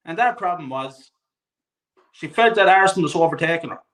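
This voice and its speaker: A man's voice: on the high side, lively intonation, brisk, fairly bright tone. A man in his forties speaking as a guest on a fan talk show, ranting hard, swearing often and repeating himself for emphasis. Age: 40s. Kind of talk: impassioned live show rant.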